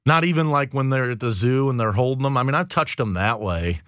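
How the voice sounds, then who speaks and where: A man's voice: medium pitch, fairly quick, a bit bright, no room sound, clean studio sound. Chatty, teasing radio host man. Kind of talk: casual morning radio banter. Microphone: studio microphone.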